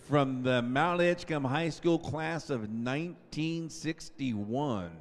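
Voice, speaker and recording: This school senior night announcer is a man in his fifties who stretches out each player's name and fills the gaps with chatty asides. Speaking slowly into a PA microphone, his somewhat high voice runs on with hardly any pauses, echoing through the gym.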